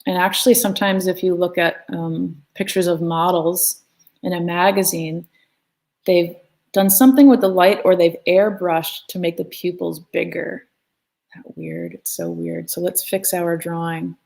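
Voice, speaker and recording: A woman's voice: lowish voice, unhurried, gravelly, darkish tone. Chatty, playful woman teaching drawing. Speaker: art teacher. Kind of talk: live online drawing lesson. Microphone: phone.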